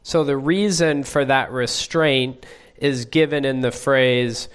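A man leading a group Bible study, asking the class questions in a measured way. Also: mid-range voice, clear, resonant tone.

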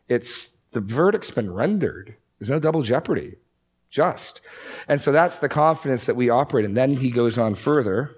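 A man teaching a Bible class in a conversational, emphatic way with quick asides. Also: mid-range voice, animated, slightly rough. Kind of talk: teaching talk.

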